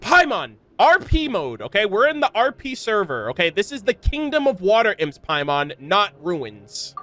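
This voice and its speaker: A man's voice: high-pitched, very animated, moderate pace, a bit bright, dry recording. A young man giving casual, goofy commentary as he plays a video game, laughing often and talking in slang. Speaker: streamer.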